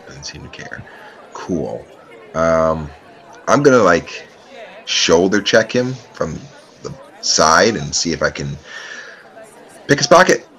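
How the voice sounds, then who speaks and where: A man at a tabletop game talks through his moves hesitantly, filling his pauses with fillers. His voice is very low, and faint crowd noise can be heard behind him. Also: sing-song, a bit bright. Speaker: player. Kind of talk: casual tabletop play.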